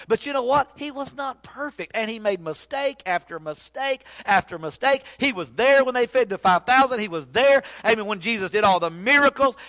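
A man preaching a sermon, telling the story in an animated, folksy way with sudden loud bursts. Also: very high voice. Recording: long hall reverb.

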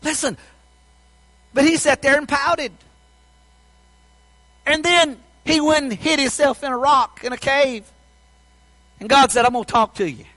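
A man preaching a sermon in a folksy storytelling way, swinging between loud passages and hushed ones. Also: extremely high pitch, no room sound, low-quality recording.

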